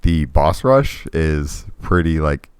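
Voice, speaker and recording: Very deep-voiced, laid-back podcast guy. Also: animated, slow, a little mellow, clean tone, dry recording. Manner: laid-back, hesitant, many ums and restarts. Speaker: podcast co-host. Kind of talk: casual chat about retro games.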